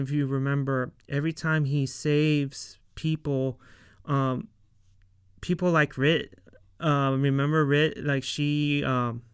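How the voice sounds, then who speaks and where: A man talks through an episode recap in an unhurried, rambling way, leaning on fillers as he retells each scene. His voice sits a bit high and comes across very smooth and clear. The sound is dry and close, with no room around it. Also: a bit bright, no room sound. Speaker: show reviewer. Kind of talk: casual recap and commentary.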